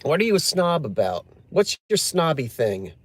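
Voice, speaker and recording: A man's voice: fairly high pitch, big pitch swings, normal speed. A man chatting casually on a live stream, joking and answering viewer comments. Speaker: livestream host.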